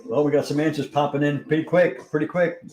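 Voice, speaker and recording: A man's voice: on the high side, steady tone, fast talker, a little mellow, soft background music, low-quality recording. Chatty man hosting live trivia. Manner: chatty, thinks aloud, reads out viewer answers. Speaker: livestream trivia host. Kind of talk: casual live-stream chat.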